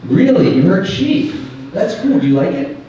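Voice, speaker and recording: A man's voice: high voice, sing-song, moderate pace, warm tone, dull audio. A man doing stand-up crowd work, brash and self-mocking, swearing freely. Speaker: stand-up comedian. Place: small comedy club stage. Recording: echoey club from a distance, audience noise. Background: audience laughter.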